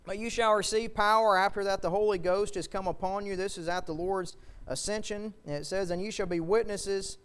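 A male preacher delivering a fervent sermon, building to loud shouts at the peaks. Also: high voice, steady tone, brisk, clear, resonant tone.

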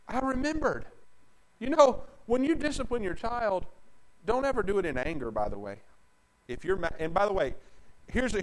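A man preaching a sermon, emphatic and preachy, swinging from loud declarations to hushed asides and drawing out scripture slowly. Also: high-pitched, poor audio. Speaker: pastor.

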